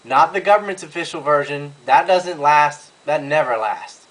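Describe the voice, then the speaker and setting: A man's voice: a little high, normal speed, fairly bright tone, poor audio. A man giving a blunt, scornful commentary, mocking his target with crude insults. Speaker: video commentator.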